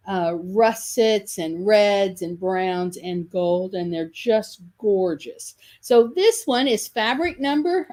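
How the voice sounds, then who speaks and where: A woman's voice: mid-range voice, a little mellow. A woman hosting a live sales video for quilt kits, chatty and enthusiastic, often correcting herself mid-sentence. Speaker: shop host selling quilt kits.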